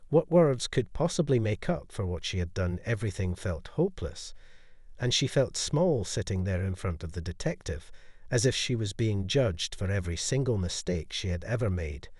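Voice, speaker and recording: A man narrating a scripted dramatic story in an even, storytelling manner. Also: fairly low pitch, dry recording, studio quality.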